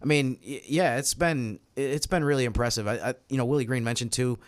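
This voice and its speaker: A man's voice: mid-range voice, fairly quick, no room sound. A man co-hosting a sports podcast, speaking earnestly and thoughtfully with frequent restarts. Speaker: podcast co-host. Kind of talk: casual podcast chat.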